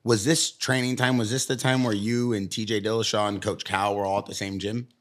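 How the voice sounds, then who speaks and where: Deep-voiced male podcast host. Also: level tone, a little fast. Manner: conversational, asks follow-up questions. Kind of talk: casual interview. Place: podcast studio.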